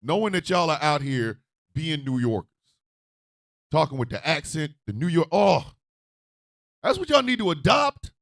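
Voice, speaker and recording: A man hosting a radio talk show, ranting loudly and profanely, swinging from shouts to low mutters. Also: big pitch swings, normal speed, gravelly, pauses often, no echo, clean studio sound. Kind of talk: animated political rant.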